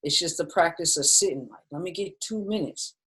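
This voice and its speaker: Over a video call from her home, where her dog is nearby, a mindfulness teacher chats casually through a webinar lesson and often turns to her listeners with "you guys." Her voice is on the low side and fairly quick, plainly explanatory and warm. The recording is low quality.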